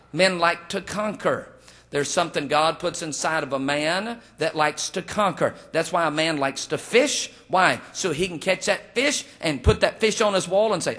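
High-voiced pastor guy preaching, cracking jokes and telling folksy stories, does little voices for the people he quotes. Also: moderate pace, sharp tone. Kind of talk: humorous sermon.

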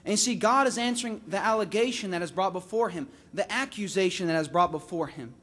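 A man preaching a sermon, swelling to emphatic peaks and dropping low on key words, repeating phrases for emphasis. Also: fast, a bit bright.

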